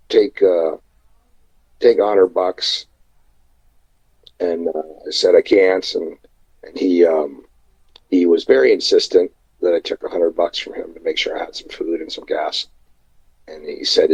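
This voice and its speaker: A man, a wrestler guest, telling a rambling anecdote in a casual interview, halting and full of fillers. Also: sits low, a little mellow, breathy edge, lo-fi sound. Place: indoors at night, remote call.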